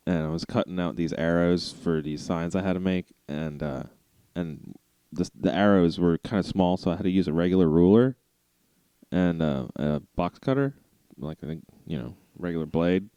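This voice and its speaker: A man's voice: sits low, moderate pace, mellow, clear, resonant tone, dry recording. A man co-hosting a car podcast, telling rambling stories in a laid-back way and laughing often. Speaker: podcast co-host. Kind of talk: casual chat.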